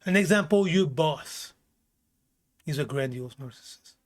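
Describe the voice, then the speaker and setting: A man with a slightly high voice delivers blunt self-help talk, straight to the viewer. He swears freely and hammers his points by repeating them. His grammar slips here and there as he speaks. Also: lively intonation, a little slow. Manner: blunt, emphatic, swears often, repeats phrases. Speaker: vlogger giving life advice. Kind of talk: casual self-help rant.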